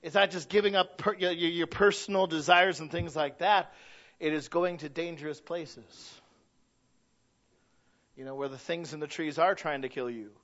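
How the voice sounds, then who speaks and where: A middle-aged Midwestern man preaching in a high voice. He talks to the congregation conversationally, dropping to quiet asides and then rising to loud, emphatic peaks. The recording sounds dull and lo-fi. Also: normal speed. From Michigan. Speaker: pastor. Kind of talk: sermon.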